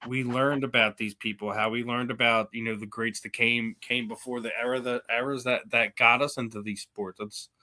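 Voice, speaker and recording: A man's voice: mid-range voice, little pitch movement, moderate pace, hardly any pauses, sharp tone. A man hosting a podcast interview, chatting loosely, repeating words and saying dude. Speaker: podcast host.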